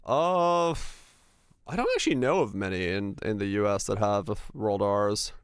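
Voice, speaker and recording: A man with a neutral American broadcaster-like accent, livestreaming and chatting casually in a relaxed, rambling way. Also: lowish voice, normal speed, smooth, no echo, studio quality. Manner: relaxed, rambling, many fillers. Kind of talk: casual chat while gaming.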